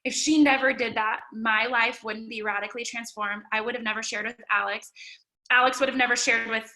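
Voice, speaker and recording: A woman's voice: on the high side, fairly even intonation, fairly quick, sharp tone, rough recording. A young woman leading a motivational team call, emphatic and upbeat, with lots of "like" between her thoughts. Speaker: team leader.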